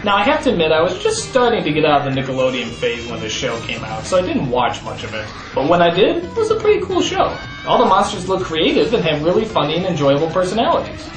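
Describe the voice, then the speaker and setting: A man hosting a comedy review, sarcastic and prone to exaggerated, shouted outbursts. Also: fairly high pitch, very animated, fast talker, hardly any pauses. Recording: echoey voice over music.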